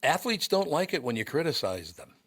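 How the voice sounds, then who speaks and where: A man's voice: on the high side, sing-song, a little fast, a bit bright, husky. A man, a sports broadcaster, chatting casually and sharing old anecdotes. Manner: reminiscing, anecdotal.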